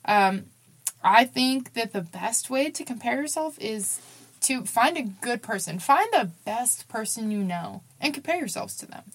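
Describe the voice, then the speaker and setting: A woman's voice: fairly high pitch, lively intonation, a little slow, breathy edge. A young woman hosting a podcast, talking frankly in a casual monologue with many fillers and restarts. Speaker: podcast host.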